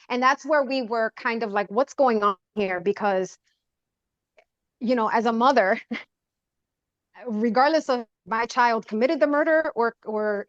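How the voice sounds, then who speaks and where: A woman guest on a podcast giving an earnest, halting personal account and acting out the dialogue she remembers. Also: fairly high pitch, no room sound, highs cut off. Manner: earnest, halting, acts out quoted dialogue with rising urgency. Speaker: podcast guest recounting a tragedy.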